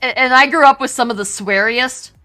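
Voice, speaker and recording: A woman's voice: high voice, fairly quick, sharp tone, soft background music. A woman with a southern Wisconsin accent, chatting casually and rambling on a livestream as an artist co-host. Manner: chatty, rambling, many restarts.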